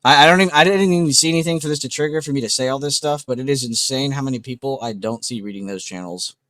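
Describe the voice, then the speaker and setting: A man's voice: medium pitch, fast, fairly bright tone, no room sound. A man hosting a trading livestream, talking in a blunt, emphatic, unscripted way, swearing often and repeating points.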